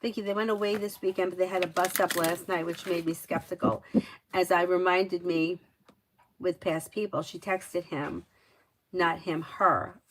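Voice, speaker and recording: A woman's voice: fairly low pitch, fairly even intonation, moderate pace, slight background noise, poor audio. A woman giving tarot readings on a casual live stream, chatty and advice-giving, with lots of filler words. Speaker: tarot reader.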